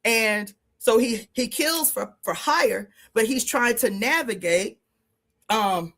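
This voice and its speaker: A woman's voice: on the high side, lively intonation, takes it slowly, a bit bright. A middle-aged woman, a radio show guest, telling stories in a blunt, profane and emphatic way, laughing as she goes. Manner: laughs through her stories. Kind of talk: casual storytelling on radio.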